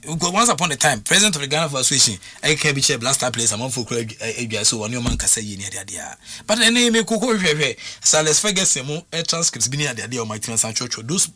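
A man's voice: on the high side, very animated, fast, pushed and bright, no echo. A man talking football as a pundit, emphatic and full of restarts and repeated words. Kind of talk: animated radio sports talk.

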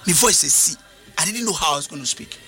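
A man's voice: on the high side, expressive, quick pace, vocal fry, bright, forceful tone, soft background music. A man with a Ghanaian accent preaching a sermon, mixing English with Twi in call-and-response style.

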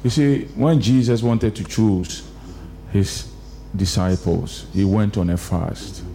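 A man's voice: fairly low pitch, fairly even intonation, slow, mellow, a little hiss or hum. A man, hosting a live church radio broadcast and preaching fervently with repeated emphatic phrases. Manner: fervent exhortation, repetitive rhetorical emphasis. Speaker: radio host.

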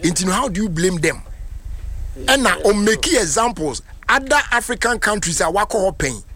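A man's voice: sits high, lively intonation, moderate pace, pushed and bright. A Ghanaian man in a casual sports talk show, telling stories expressively and mixing in English phrases.

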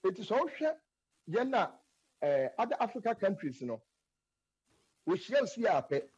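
Lively Ghanaian man, husky and lo-fi. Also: high voice, moderate pace, pauses often. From Ghana, Asante. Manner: lively, emphatic, switches often into English. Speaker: guest speaking on Asante culture. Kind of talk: earnest conversational explanation. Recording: dull lo-fi sound.

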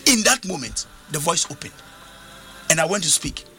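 A man's voice: a little high, lively intonation, moderate pace, bright, forceful tone, soft background music. A man preaching a sermon, emphatic, switching languages and repeating phrases. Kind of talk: sermon with interpreter.

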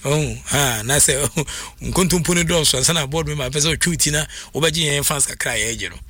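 A man with a Ghanaian accent, talking in an animated, casual way as a sports commentator, moving back and forth between English and Twi. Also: a little high, fairly quick, dry recording. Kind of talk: casual chat.

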